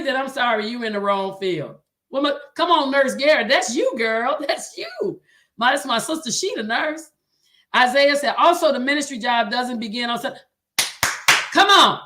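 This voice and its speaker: Southern woman host, high-pitched, exhorting sermon-style talk. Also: fairly bright tone. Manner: exhorting, repeats "come on", reads viewer comments aloud. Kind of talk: livestream talk to choir directors, preaching tone.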